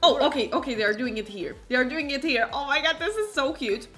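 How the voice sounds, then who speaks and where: Woman streamer, higher-pitched, gabbing excitedly over gameplay with faint background music. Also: fast. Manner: chatty, exclamatory, many fillers. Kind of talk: casual gameplay commentary. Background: faint game music.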